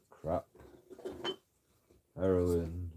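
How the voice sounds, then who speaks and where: A man with a low, mellow voice rambles through a story in a casual vlog. He talks slowly, swears freely and keeps breaking into chuckles. His tone is mocking and unhurried. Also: fairly even intonation, a little hiss or hum. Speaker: channel host.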